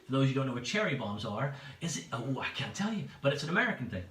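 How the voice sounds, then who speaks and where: A bright-voiced man hosts a home pub quiz, chatty and playful as he repeats each option. His pitch swings widely. He sits back from the mic in an echoey room. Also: big pitch swings, fast talker, distant mic. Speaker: quiz host. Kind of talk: livestream pub quiz hosting.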